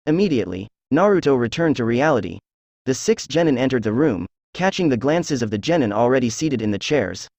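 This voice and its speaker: A man reading fan fiction aloud as narrator, in a steady, even storytelling voice. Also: medium pitch, a little fast, creaky, no echo.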